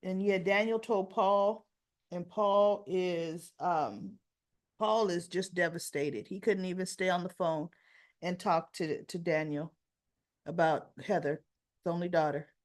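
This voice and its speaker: Slow-talking woman recapping soap scenes. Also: fairly low pitch. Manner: animated retelling, acting out quoted lines with rising emphasis. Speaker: soap opera recap host. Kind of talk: casual spoiler recap, retelling scenes.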